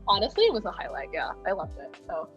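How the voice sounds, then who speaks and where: A woman's voice: lowish voice, huge pitch swings, quick pace, dull audio, faint music behind. A young woman, a university student, chatting casually and bubbling over about a school dance. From outside the US. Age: young adult. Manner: bubbly, heavy use of "like". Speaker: student panelist. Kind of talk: casual chat.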